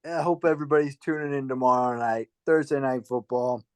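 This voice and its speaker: A man's voice: mid-range voice, brisk, smooth, no room sound. Friendly male co-host, mid-range voice, dry close sound. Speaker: podcast co-host. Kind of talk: casual chat.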